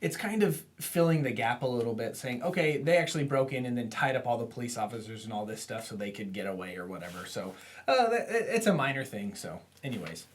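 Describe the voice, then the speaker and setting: A man's voice: mid-range voice, fast. A man co-hosting a comic book podcast, chatting casually and jumping into quoted lines. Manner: lively, jumps into quoted voices. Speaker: podcast co-host.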